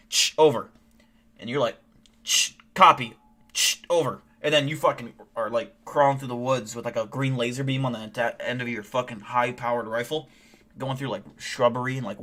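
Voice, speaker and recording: Streamer dude telling a wild story, swears a lot, bright sharp voice. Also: male voice, medium pitch. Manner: animated, profane storytelling. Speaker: live streamer. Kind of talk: casual live-stream chat.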